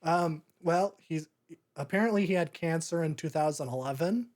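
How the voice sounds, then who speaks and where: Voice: medium pitch, normal speed, darkish tone. A podcast host talking through a movie in a casual, rambling way, often breaking into laughter. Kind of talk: casual movie review chat.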